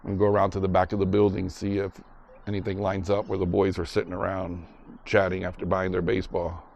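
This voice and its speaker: Man, low voice, relaxed chatty vlog narration, outdoors, handheld camera, faint ambience. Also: fast, vocal fry, highs cut off, slight background noise. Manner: relaxed, chatty, retells scenes as he walks. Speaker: vlogger visiting filming locations. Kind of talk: casual walk-and-talk vlog narration. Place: outdoors in a parking lot and ballpark.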